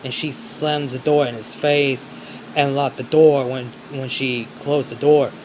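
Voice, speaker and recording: A man's voice: mid-range voice, fairly even intonation, unhurried, a little mellow, a little hiss or hum, low-quality recording. A man casually narrating an improvised fan story in a loose, rambling way.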